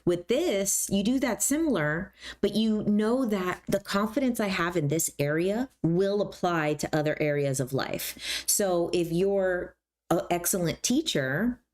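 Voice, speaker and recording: Woman host with a low voice, chatty self-help talk full of fillers. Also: lively intonation, measured pace, a little mellow. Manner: casual and conversational, many fillers.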